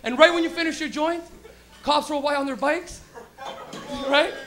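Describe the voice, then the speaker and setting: Brash male stand-up host with a very high voice, profane, slips into character voices. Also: normal speed, pushed and bright. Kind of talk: stand-up comedy routine. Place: live comedy lounge.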